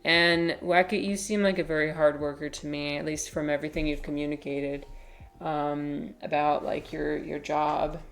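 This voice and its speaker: A woman livestreaming in casual chat, rambling and hesitant with many fillers and restarts, now and then cooing softly to her cat. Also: deep voice, little pitch movement, normal speed. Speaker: livestreamer and teacher.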